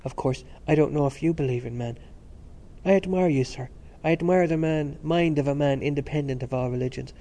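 A man reading the lines of an excitable young male student with an indistinct, bleating voice and loud, eager exclamations. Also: a little high, a little fast, natural voice. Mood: earnest.

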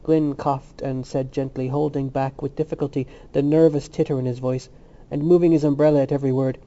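A man reading literary fiction aloud in a measured, unhurried way, in a muffled recording. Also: medium pitch, flat delivery, mellow. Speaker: audiobook reader. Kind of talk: scripted literary narration.

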